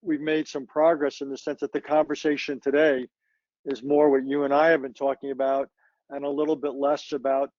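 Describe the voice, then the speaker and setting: A man analyzing foreign policy in conversation, thoughtful and measured, often pausing and correcting himself. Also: mid-range voice, level tone, a little mellow, no echo, highs cut off. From United States. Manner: measured, thoughtful, frequent hesitations and self-corrections. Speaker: foreign policy expert guest.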